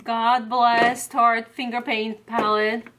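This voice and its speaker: A middle-aged woman guest chatting casually, brisk and talking to herself as she hurries. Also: a little high, level tone, background noise. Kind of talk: casual chat.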